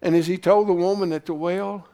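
A man preaching a sermon into a camera, swinging from loud shouting to hushed whispers and repeating phrases for emphasis. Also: high voice, fairly even intonation, brisk, smooth. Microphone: camera he speaks into.

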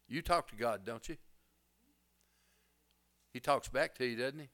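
A man's voice: medium pitch, a little slow, pauses often, a bit bright. A middle-aged male pastor preaching a sermon, folksy and plainspoken, rising to emphatic bursts.

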